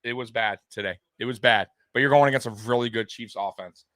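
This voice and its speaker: A man's voice: mid-range voice, brisk, dry recording. Fired-up man hosting a sports stream. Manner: animated, swears, repeats himself, talks straight to viewers. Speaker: sports livestream host. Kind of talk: live postgame commentary to viewers.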